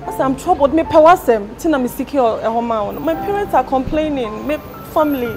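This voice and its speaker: A defensive Ghanaian woman explains herself in a high voice. Clear background music runs under the scene. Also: expressive, brisk. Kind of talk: Ghanaian film acting.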